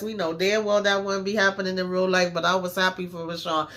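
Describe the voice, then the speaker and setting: Bright-voiced man recapping a TV episode. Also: high voice, level tone, brisk, hardly any pauses. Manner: slangy, emphatic storytelling with many fillers. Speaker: TV show recap host.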